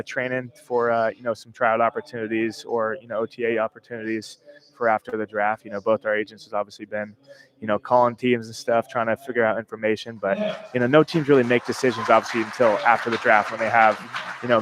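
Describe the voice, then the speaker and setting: A young man in his twenties, a former college football player, casually telling stories in a radio interview in a relaxed, modest way. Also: medium pitch, fairly quick, crowd noise, poor audio. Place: stadium club event.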